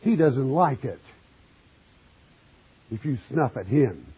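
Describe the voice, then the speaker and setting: A man's voice: medium pitch, expressive, slightly rough. A man preaching a sermon, reading scripture and explaining it with emphatic, folksy questions to his listeners. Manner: slow, emphatic, asks the congregation questions; folksy asides, addresses listeners as friend. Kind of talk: sermon, Bible exposition. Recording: dull lo-fi recording.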